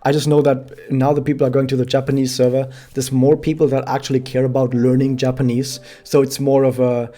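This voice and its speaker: A native German speaker from Germany chats casually while streaming a game, rambling a bit and correcting himself. His voice is medium-pitched and mellow, in the style of casual live-stream commentary.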